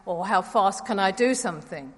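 A woman giving a conversational, gently wry sermon in church. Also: mid-range voice, animated, moderate pace. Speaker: preacher. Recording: reverberant church hall.

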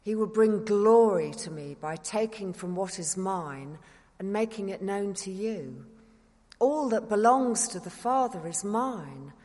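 A woman giving a measured, solemn gospel reading in church. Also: mid-range voice, a little mellow. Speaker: scripture reader. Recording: long church reverb.

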